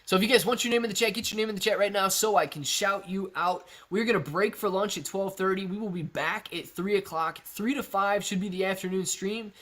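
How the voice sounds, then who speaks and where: A man's voice: high voice, brisk, hardly any pauses. A man hosting a live stream, energetically reading out viewer names and signing off. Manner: energetic, rattles off viewer shout-outs. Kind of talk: live stock stream chat.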